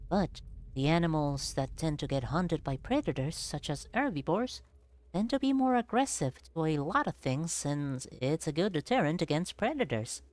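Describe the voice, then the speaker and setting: A woman streaming a game, chatting casually in a lowish voice. She drifts between silly made-up songs and offhand tangents. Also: animated, normal speed, darkish tone. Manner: playful, sings nonsense ditties. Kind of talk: casual gameplay commentary.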